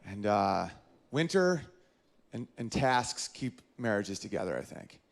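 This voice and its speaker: Speaking at a measured pace in a lowish voice, a comedian from northern New York works a club stage. His set is animated storytelling in which he performs the voices of the characters he quotes.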